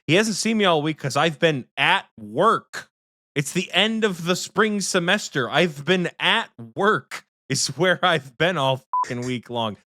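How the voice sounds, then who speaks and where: A man co-hosting a podcast who tells a story in a casual, teasing, profane way, often speeding up into quick bursts. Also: fairly high pitch, lively intonation, pushed and bright, no echo. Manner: rapid bursts of speech. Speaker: podcast co-host.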